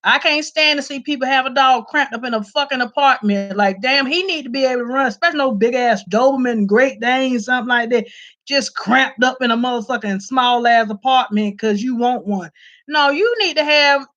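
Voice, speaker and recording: A woman telling a story in casual commentary, loud and animated, swearing and laughing. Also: high-pitched. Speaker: vlogger reviewing a documentary. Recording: slightly dull lo-fi audio.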